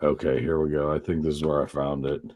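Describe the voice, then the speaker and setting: A man co-hosting a podcast, reading odd news stories aloud in a profane, animated way. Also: extremely low pitch, fast talker. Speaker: podcast co-host.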